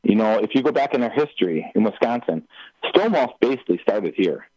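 A man's voice: lowish voice, expressive, fairly quick, dark tone, no room sound. A man calling in to a radio talk show, speaking with passion and rambling through many restarts. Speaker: caller. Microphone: telephone. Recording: dull phone line.

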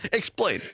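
A man hosting a podcast, chatting casually, laughing and often saying "I mean". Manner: giggly, keeps saying "I mean". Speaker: podcast host. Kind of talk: casual chat.

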